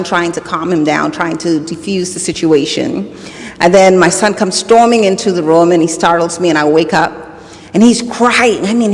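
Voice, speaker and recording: A woman hosting a motivational talk, telling a personal story earnestly and repeating her phrases for emphasis. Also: fairly low pitch. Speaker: host. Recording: long reverb.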